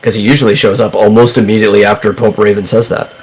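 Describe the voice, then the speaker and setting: Lower-voiced man rambling on a livestream. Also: level tone, quick pace, husky, low-quality recording. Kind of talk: casual livestream chat.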